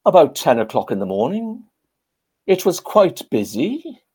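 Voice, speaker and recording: A man's voice: a little high, huge pitch swings, a little slow, darkish tone, slightly rough, voice pushed up, exaggerated voice. Man doing a modest old Welsh veteran. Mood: understated. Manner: understated, matter-of-fact. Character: elderly Welsh male war veteran, modest.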